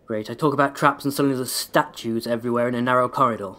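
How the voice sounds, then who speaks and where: A man's voice: mid-range voice, fairly even intonation, fast, sharp tone, a little hiss or hum. A man with a sore throat giving rambling, sarcastic let's-play commentary, swearing often as he plays. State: sore throat, voice held back. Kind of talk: casual gameplay commentary.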